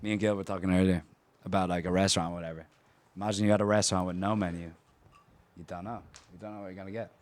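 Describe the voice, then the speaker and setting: A man's voice: sits low, steady tone, racing, no room sound. A man co-hosting a casual chat, loose in his talk, swearing and laughing easily. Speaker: co-host.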